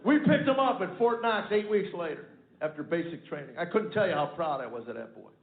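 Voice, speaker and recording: A man's voice: on the high side, lively intonation, fairly quick, slight background noise. A middle-aged male comedian telling a family story on stage, acting out the dialogue with wry punchlines. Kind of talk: stand-up storytelling. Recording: echoey, tinny phone-like live recording.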